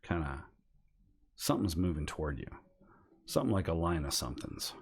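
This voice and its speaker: A man's voice: very deep voice, sing-song, fairly quick, creaky, breathy edge. A man narrating as game master of a tabletop game, loose and profane.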